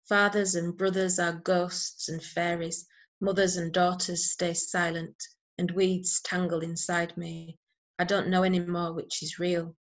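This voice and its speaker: A woman recites her poems in a steady, measured way over a video call. Her voice sits slightly low and barely rises or falls, and between poems she talks hesitantly with plenty of fillers. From Yorkshire, England. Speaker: poet. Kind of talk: poetry reading.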